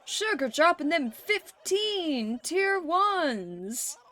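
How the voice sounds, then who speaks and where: A woman hosting a livestream, chatting casually with viewers, laughing often and swearing freely in animated reactions. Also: extremely high pitch, drawn-out words. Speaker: livestream host.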